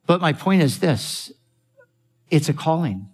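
A man's voice: fairly high pitch, expressive, unhurried, a little mellow, breathy edge. A man preaching a sermon as a pastor, earnest, repeating phrases and restarting sentences.

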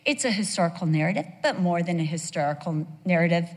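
A woman teaching a Bible sermon to a women's group, conversational and animated, telling stories with rhetorical questions. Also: on the low side, fast, few pauses, long reverb tail.

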